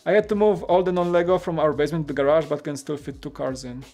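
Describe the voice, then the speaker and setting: A man's voice: a little high, fairly even intonation, fast, a little mellow, soft background music. Chatty man rambling on a live stream. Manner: rambling, chatty, many filler words; reads and greets viewer comments. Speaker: live-stream host building a toy set. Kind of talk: casual live-stream chat.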